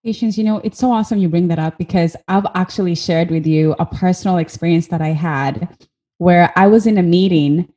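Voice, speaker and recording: A woman's voice: fairly low pitch, a little fast, dark tone. Earnest Kenyan woman host. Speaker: podcast host. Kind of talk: casual conversation.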